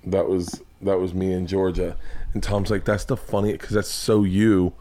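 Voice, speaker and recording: A man's voice: low voice, flat delivery, mellow. A man chatting on a podcast, telling profane stories and acting out the dialogue. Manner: profane, fast-moving anecdotes with acted-out dialogue. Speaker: podcast guest, husband of the host. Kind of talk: casual chat, animated storytelling.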